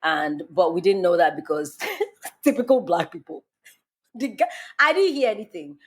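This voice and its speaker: A young woman from Nigeria hosting a podcast, chatting casually and telling an animated story, laughing often. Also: lowish voice, normal speed, slightly rough. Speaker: podcast host. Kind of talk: casual chat.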